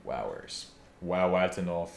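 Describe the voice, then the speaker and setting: A young man with a fairly low voice chats loosely on a live stream, trailing off, swearing and joking to himself as he types. The room around him is echoey, with a faint hiss of noise underneath. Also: lively intonation, a little slow, gravelly. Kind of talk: casual live-stream chatter while working.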